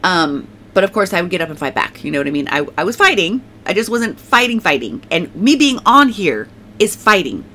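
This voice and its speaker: A woman's voice: lowish voice, sing-song, brisk, few pauses, sharp tone, slight background noise. A woman giving a casual spoken faith testimony, rambling and emphatic, leaning on "like" and repeating herself, and now and then thanking God aloud. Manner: prays aloud.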